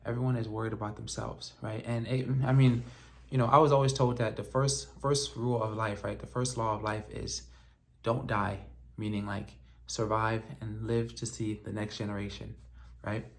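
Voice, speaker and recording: A man's voice: lowish voice, level tone, moderate pace, vocal fry. A man whose first language is French, a doctor giving casual advice straight to camera, often asking "right?" as he checks his notes. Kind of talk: direct-to-camera advice talk.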